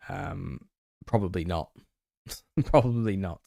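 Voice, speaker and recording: Low-voiced male streamer, dry sound. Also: expressive, normal speed, dry recording. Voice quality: slightly raspy. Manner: reads out chat comments and retorts, exasperated, laughing. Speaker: channel host answering viewer questions. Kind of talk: live-stream Q&A chat.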